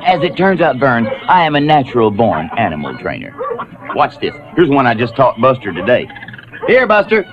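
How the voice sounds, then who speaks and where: A man's voice: mid-range voice, huge pitch swings, normal speed, very noisy. A man playing a goofy, overconfident man-child who chats in a folksy, chummy way, from a lo-fi 1980s TV broadcast. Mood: boastful. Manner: folksy, chummy, keeps saying "know what I mean". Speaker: folksy comedy show host.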